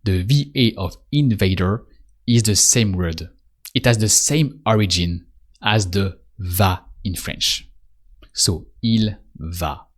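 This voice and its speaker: A man giving a spoken language lesson, patiently repeating prompts and pausing for the listener to answer. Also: lowish voice. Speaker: French teacher.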